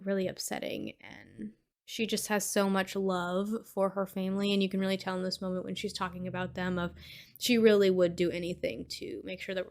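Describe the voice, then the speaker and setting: A woman hosting a podcast, casually retelling a horror movie's plot in a chatty way with frequent fillers. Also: medium pitch. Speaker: podcast host.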